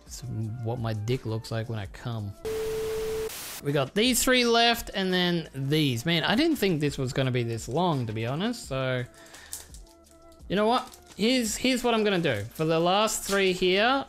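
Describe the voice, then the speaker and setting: A man giving casual, crude commentary while opening trading card packs, excitable and swearing often. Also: sits high. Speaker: YouTuber.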